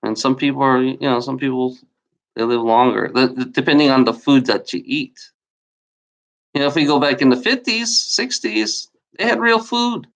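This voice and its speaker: This YouTuber sounds animated, speaking at normal speed in a medium-pitched voice. Furious and feeling lied to, he rambles and swears through a repetitive rant.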